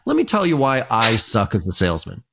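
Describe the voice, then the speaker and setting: A man voicing a bumbling, self-mocking young salesman who rambles excitedly. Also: fairly low pitch, brisk, vocal fry, heavily acted. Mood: sheepish excited.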